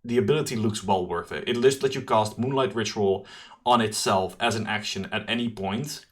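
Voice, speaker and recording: A man hosting a card game preview, talking through new cards in an enthusiastic, chatty commentary with quick asides and self-corrections. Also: on the low side. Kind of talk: solo card review commentary.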